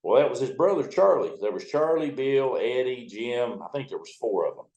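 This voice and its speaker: A man's voice: mid-range voice, expressive, normal speed, darkish tone, echoey room, low-quality recording. A man in his seventies, a towboat captain, telling folksy, profane stories in an interview. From United States. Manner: folksy, profane yarn-spinning. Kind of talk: storytelling interview.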